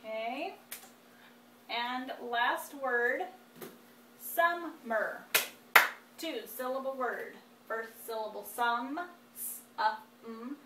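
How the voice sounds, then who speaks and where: A woman in her thirties teaching spelling, dictating words slowly and deliberately with frequent fillers. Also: fairly high pitch. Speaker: homeschool teacher. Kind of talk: instructional demonstration. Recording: echoey room, distant mic, faint noise.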